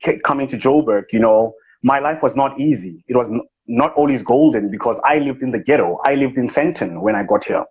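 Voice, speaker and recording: A man's voice: mid-range voice, lively intonation, fairly quick, few pauses, a little mellow, breathy edge. A man playing a boastful male motivational speaker with a put-on posh accent, bragging grandly in a comic impression. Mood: smug. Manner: grandiose, self-important bragging. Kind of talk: comic impression in a live chat. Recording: dull lo-fi livestream audio.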